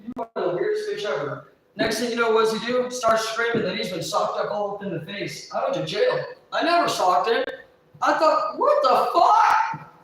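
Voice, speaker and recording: A woman's voice: medium pitch, far from the mic. A woman livestreaming, venting in a long profane rant, a little tipsy. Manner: profane, agitated, rapid venting. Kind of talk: ranting livestream storytelling. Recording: echoey room, voice off-mic.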